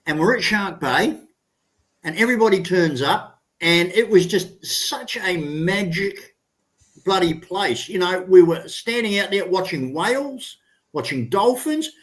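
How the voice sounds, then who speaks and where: A man's voice: sits high, expressive, a little slow, a bit bright. Chatty Australian man in his sixties. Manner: rambling, enthusiastic, swears freely. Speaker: guest. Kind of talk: casual chat.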